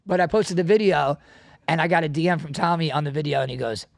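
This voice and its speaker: A man's voice: fairly high pitch, vocal fry, dry recording. A middle-aged man hosting a podcast, telling stories in casual chat and swearing freely. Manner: fast, swearing, storytelling. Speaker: podcast host.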